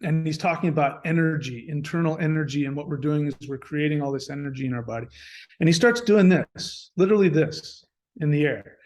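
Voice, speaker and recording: Man, podcast guest, fairly high voice, casual animated storytelling, lots of restarts. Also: fairly quick. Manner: animated, with many restarts and quoted dialogue.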